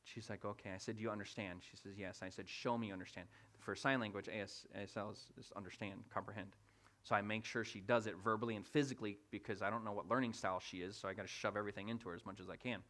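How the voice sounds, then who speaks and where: A man in his thirties preaching in a church, telling a family story in an animated way and acting out the voices of his family. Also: fairly low pitch, very fast. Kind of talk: storytelling sermon. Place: church sanctuary.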